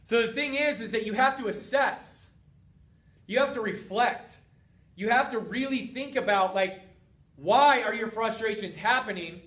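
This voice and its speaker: High-voiced man coaching in a roomy space. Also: unhurried. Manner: energetic, coaching, speaks directly to listener. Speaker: host. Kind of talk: motivational talk. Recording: roomy, distant from mic.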